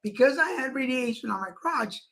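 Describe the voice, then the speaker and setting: Bright-voiced chatty male co-host. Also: very high voice, animated, fairly quick. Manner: chatty storyteller, acts out quoted people. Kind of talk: casual livestream chat.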